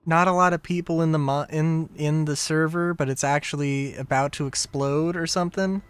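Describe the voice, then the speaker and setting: A man's voice: fairly high pitch, fairly even intonation, normal speed, clear, resonant tone, dry recording. A young man streaming a game live, rambling in casual commentary and often breaking into laughter.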